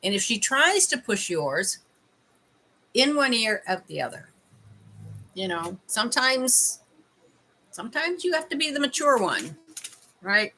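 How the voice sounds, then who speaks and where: A bright, forward-sounding middle-aged woman chats casually on a livestream, tasting candies and giving viewers advice. A faint hiss sits behind her voice. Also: on the high side, sing-song, a little slow, long pauses, rough recording. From Canada. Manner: chatty, tasting candy while advising viewers. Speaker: life coach livestreaming.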